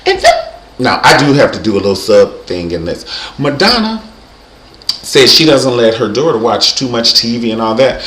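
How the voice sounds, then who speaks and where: A man's voice: mid-range voice, moderate pace. Guy doing a jokey vlog rant, lots of swoops, echoey room with a bit of hiss. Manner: animated, exaggerated, playful. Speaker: host. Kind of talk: comedic vlog monologue.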